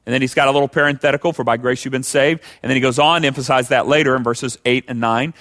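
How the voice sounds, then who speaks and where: A man's voice: mid-range voice, fairly even intonation, fast, fairly bright tone. A man preaching a sermon as pastor, conversational, with many rhetorical questions.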